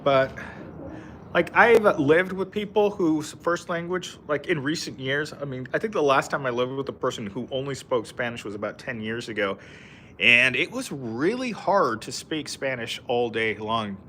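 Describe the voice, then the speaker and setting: A man's voice: medium pitch, normal speed, bright, forceful tone, slight background noise. A man live-streaming outdoors, chatting casually with viewers and reading their comments, rambling with lots of fillers and frequent laughs. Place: outdoors in a park.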